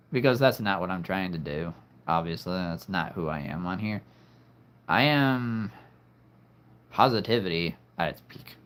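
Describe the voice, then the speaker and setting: A man's voice: fairly low pitch, slight background noise. A man hosting a live stream, talking to his viewers in an earnest, heartfelt, reflective way. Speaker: livestream host.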